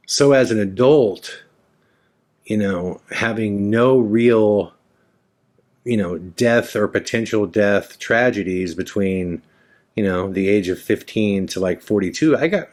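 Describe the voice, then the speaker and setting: A man's voice: fairly low pitch, lively intonation, unhurried, darkish tone. A man in his forties hosting a podcast, telling a candid personal story in a frank, rambling way and swearing freely. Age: 40s. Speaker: podcast host.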